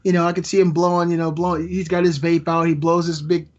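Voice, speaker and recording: A man's voice: on the high side, level tone, fast. A man telling a long work story in casual live-stream chat, rambling and often laughing through it, on a dull lo-fi mic.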